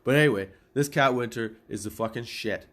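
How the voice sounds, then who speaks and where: A man's voice: medium pitch, brisk. A middle-aged man hosting a comedy podcast, telling a casual story with lots of swearing and laughing at his own jokes. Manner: profane, animated, laughs at own stories. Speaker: podcast host.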